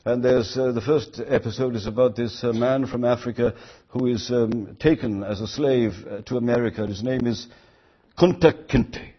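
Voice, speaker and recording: An older male preacher delivers a sermon with a husky, slightly rough voice. He talks earnestly and lifts his voice for emphatic quoted lines. The recording sounds dull and lo-fi. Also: medium pitch, fairly even intonation, moderate pace.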